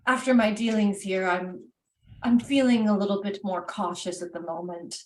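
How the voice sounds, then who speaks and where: A woman's voice: mid-range voice, fairly even intonation, normal speed, natural voice. A woman voicing a grateful, formal male wereraven winemaker, recorded roomy and from a distance. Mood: cautious. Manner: polite, formal and heartfelt.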